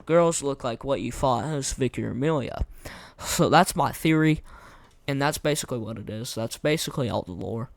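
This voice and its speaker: A young man giving casual, rambling gameplay commentary, his voice going hoarse, slangy and repeating himself. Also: mid-range voice, normal speed, no room sound. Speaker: gaming content creator.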